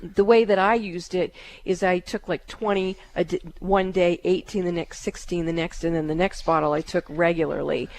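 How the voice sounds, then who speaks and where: Low-voiced woman psychic radio host. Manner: calm, halting, with many fillers. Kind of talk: call-in radio reading.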